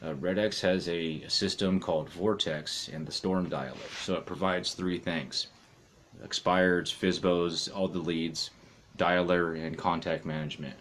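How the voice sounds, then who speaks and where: A man's voice: low-pitched, fairly even intonation, a little slow, a bit bright, slight background noise. A man doing real estate cold calls on a live stream, chatting casually to his viewers between dials.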